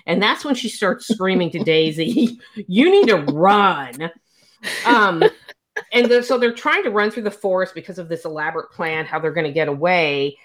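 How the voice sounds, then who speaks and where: Woman, casual podcast co-host, low-ish voice, lively storyteller who acts out the dialogue. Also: fairly quick, hardly any pauses. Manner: animated retelling, acts out quotes, swears casually. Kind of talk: casual book recap chat.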